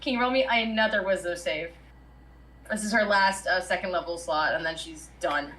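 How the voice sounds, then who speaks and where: A woman playing a tabletop game, brisk and direct. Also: lowish voice, sharp tone. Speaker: player.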